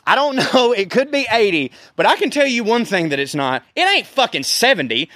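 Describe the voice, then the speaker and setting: Animated man, high voice, profane. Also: a little fast, no room sound, clean studio sound. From American South. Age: 30s. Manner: profane, animated storytelling with laughs. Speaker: podcast host. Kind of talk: casual storytelling rant.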